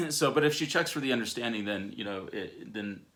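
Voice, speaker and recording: A man's voice: medium pitch, expressive, brisk, a bit bright. A man co-hosting a parenting video at home, explaining communication scenarios step by step in a casual teaching chat.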